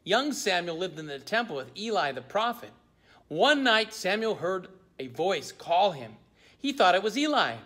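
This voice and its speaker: A male pastor giving a children's message, speaking in an animated, sing-song way to young children. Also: high voice, normal speed.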